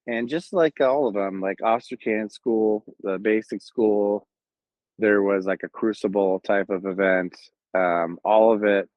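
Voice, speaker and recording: A Marine Corps veteran from Southern California, with a lowish voice and the local accent, tells his own story casually in the first person. He rambles in a laid-back way, full of fillers and restarts, on dull, dry lo-fi audio with no room sound.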